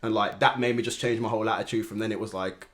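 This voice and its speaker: Bright-voiced man hosting. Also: on the low side, fairly even intonation, quick pace. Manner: laid-back, laughing, slangy. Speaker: podcast host. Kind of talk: casual chat.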